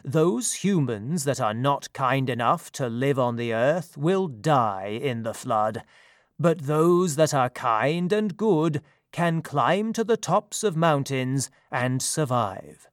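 A man's voice: medium pitch, expressive, slow, dry recording, studio quality. A man voicing a commanding king of the gods. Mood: proclaiming.

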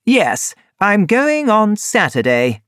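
A man voicing an agitated young aristocratic heir in a storybook reading, loud and indignant. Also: sits high, huge pitch swings, slow pace, clear, resonant tone, no echo, studio quality, pitched above the performer's own voice, heavily acted. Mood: determined.

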